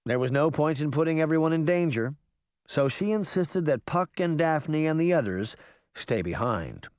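A man's voice: moderate pace, no echo, clean studio sound. A man reading a children's fantasy novel aloud as a scripted audiobook, telling the story expressively. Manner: expressive storytelling, varied pitch.

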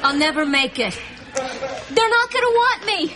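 An actress playing a nervous younger sister who frets and makes self-deprecating jokes. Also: female voice, high voice, lively intonation, moderate pace, over a noisy crowd, heavy background noise. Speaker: younger sister getting a makeover. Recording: sitcom audio with studio laughter.

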